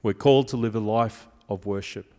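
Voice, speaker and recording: A man's voice: lowish voice, fairly even intonation, moderate pace, darkish tone. A male pastor preaching a sermon with an emphatic, repetitive cadence. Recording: long hall reverb.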